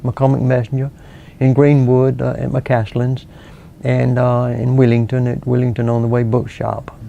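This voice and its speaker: Gravelly older man, halting. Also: mid-range voice, monotone, mellow, muffled recording, a little hiss or hum. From South Carolina. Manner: slow, halting, many pauses and restarts. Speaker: local author and historian. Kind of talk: relaxed interview answers.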